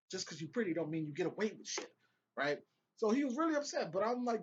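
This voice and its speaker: A man's voice: high voice, lively intonation, quick pace, dull audio, a little hiss or hum. A young man giving casual, profane, rambling commentary on a TV episode he just watched, with laughing asides. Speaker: vlogger reviewing a TV episode.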